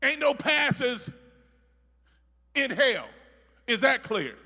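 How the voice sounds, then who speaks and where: A man preaching a sermon, repeating phrases rhythmically and building from soft talk to shouting. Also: extremely high pitch, very animated, drawn-out words, slightly rough, big-room sound.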